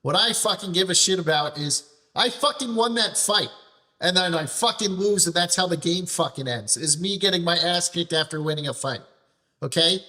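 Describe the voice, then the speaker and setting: A man with a high, forceful voice rants at length about a game, swearing constantly. He trips over his words and restarts sentences as the frustration spills out, keeping the loose tone of live gameplay commentary. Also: normal speed. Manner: ranting, frustrated, heavy swearing; repeats and restarts phrases while venting. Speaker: streamer.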